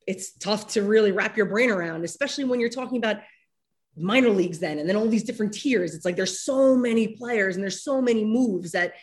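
Opinionated woman in sports chat. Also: mid-range voice. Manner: animated, opinionated, blunt. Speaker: podcast co-host.

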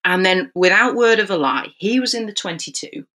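A woman, a rugby referee, telling a podcast anecdote in an animated way and acting out the dialogue. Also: mid-range voice, fairly quick.

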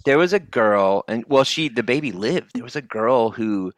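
A young man co-hosting a casual chat, telling stories in an animated way. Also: medium pitch, moderate pace, no echo. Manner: storytelling, animated. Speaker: podcast co-host.

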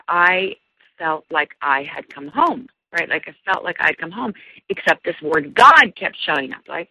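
A middle-aged woman, a life coach appearing as an interview guest, tells her own story in a lowish voice with a gravelly edge. She's earnest and animated but stumbles through restarts and fillers. The recording is dull and lo-fi, completely dry with no echo or room sound.

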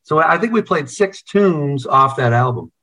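A man's voice: fairly high pitch, lively intonation, normal speed, bright, forceful tone, low-quality recording. A man from the United States, a band member, chatting casually over a video call, laid-back, swearing freely and telling stories with energy.

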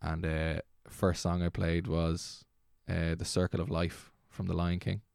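A young Irish man in his twenties tells a rambling, excitable story with laughs running through it. His voice sits deep and gravelly, with plenty of fry. The sound is dry and close. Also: a little slow, no room sound. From Ireland. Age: 20s. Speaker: guest DJ. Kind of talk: casual storytelling.

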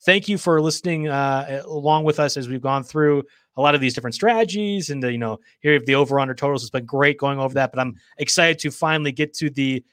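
A man's voice: mid-range voice, fast talker, few pauses, fairly bright tone, no echo, studio quality. A man hosting a sports podcast in casual chat, upbeat as he steers the talk and signs off. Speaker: podcast host.

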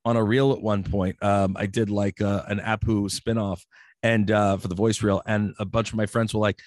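A man's voice: on the low side, little pitch movement, moderate pace, darkish tone, dry recording, studio quality. A man co-hosting a podcast, chatting casually in a playful, joking way, rambling with lots of fillers. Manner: playful, jokey, tries silly accents. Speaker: podcast co-host. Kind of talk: casual banter.

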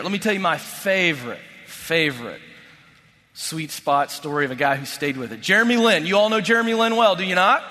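High bright male speaker, emphatic faith talk, repeats lines, long hall echo. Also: animated, normal speed. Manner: emphatic, repeats key phrases, swings from loud to hushed. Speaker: motivational speaker. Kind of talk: faith-based motivational talk.

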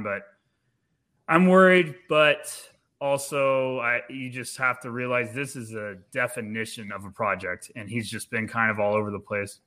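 Guy on a sports podcast, bright forceful voice, stumbles and restarts a lot. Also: medium pitch, moderate pace. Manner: animated, repeats words when starting thoughts. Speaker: podcast panelist. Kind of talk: casual sports podcast chat.

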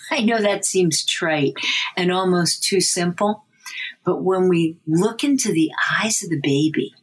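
A middle-aged woman, a language development researcher, answering interview questions in an animated way. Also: breathy edge. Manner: animated, breaks into a high sing-song baby voice for examples.

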